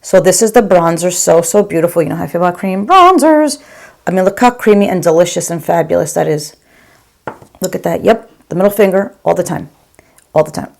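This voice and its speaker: A woman's voice: on the low side, fairly quick, vocal fry, a little mellow. A middle-aged woman and nurse reviewing her favorite makeup to camera in a gushing, chatty way, calling viewers "girl". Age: 40s or 50s. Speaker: beauty vlogger and OR nurse.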